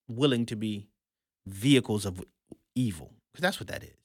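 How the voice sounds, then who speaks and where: A man hosting an opinionated commentary show, emphatic and sarcastic, swinging between loud and hushed. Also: on the low side, animated, moderate pace, no room sound, clean studio sound.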